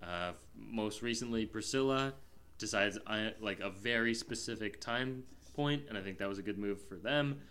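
A man's voice: lowish voice, moderate pace, a bit bright, clean tone. A man co-hosting a film review podcast, talking casually. He rambles and restarts, stringing thoughts together with frequent fillers. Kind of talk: casual chat.

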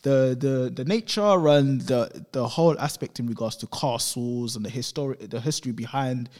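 A man's voice: mid-range voice, moderate pace. A man from London telling travel stories in a casual chat, acting out the voices of the people he quotes. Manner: animated storyteller who acts out quoted voices.

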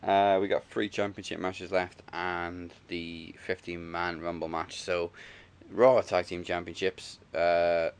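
A laid-back man talking wrestling in a casual chat, with dry remarks and easy chuckles. His voice sits very low and deep. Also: level tone, takes it slowly, clean tone. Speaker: podcast co-host.

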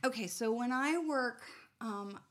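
A woman talking casually about her life and her work as a medium, telling stories in a lively way with lots of fillers. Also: a little high, a little slow. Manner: animated storytelling with frequent fillers. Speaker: medium, guest. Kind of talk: casual conversation.

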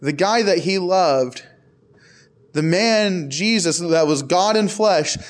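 A man's voice: high-pitched, lively intonation, takes it slowly. A young man preaching a casual, conversational sermon to a youth group, with frequent asides to the crowd. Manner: casual, repetitive "I can tell you" asides to the crowd.

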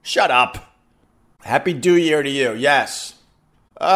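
A man's voice: medium pitch, slow. A man telling a casual, profanity-laced story to live viewers, acting out the voices of the people in it. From New York. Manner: animated, acts out quoted voices, swears freely. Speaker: host chatting with live viewers.

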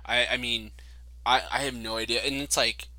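A man's voice: medium pitch, fairly even intonation, normal speed, pushed and bright, no room sound, low-quality recording. A young man in casual chat, telling profane stories and acting out the quotes. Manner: profane storytelling, acts out quotes.

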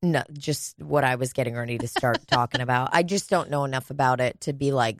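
A woman's voice: rumbling low, fairly quick, hardly any pauses, no room sound, clean studio sound. A woman co-hosting a casual podcast chat, rambling and crude, often trailing off and restarting. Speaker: podcast co-host.

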